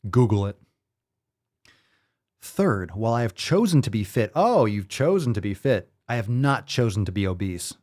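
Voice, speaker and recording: Animated, profane male fitness host. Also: on the low side, moderate pace. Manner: profane, incredulous, rhetorical. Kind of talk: ranting commentary.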